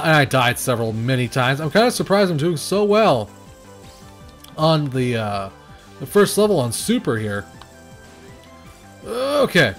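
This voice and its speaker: A man's voice: a little high, fairly bright tone. A man giving casual commentary over a video game he is playing, rambling and hesitant with many fillers, and breaking into nervous exclamations when the action gets hectic. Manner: nervous exclamations under pressure. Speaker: game reviewer.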